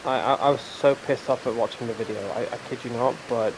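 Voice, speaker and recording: A man's voice: medium pitch, fairly even intonation, a little fast, noisy background. A man hosting casual gameplay commentary, rambling and ranting and swearing freely. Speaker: gaming channel host.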